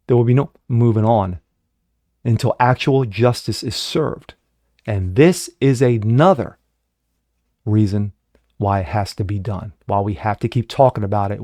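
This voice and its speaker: A middle-aged man hosting a political commentary show, ranting with heavy profanity, swinging from loud outbursts to low muttering and mocking the people he quotes. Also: no room sound, clean studio sound. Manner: mocking put-on voices when quoting others. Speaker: host.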